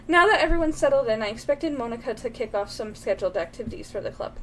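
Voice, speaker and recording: Young woman streamer, high voice, animated, reads game text aloud, faint background noise. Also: fast talker, rough recording. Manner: animated, swings between reading aloud and cooing at a baby. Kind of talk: casual game streaming with read-aloud narration.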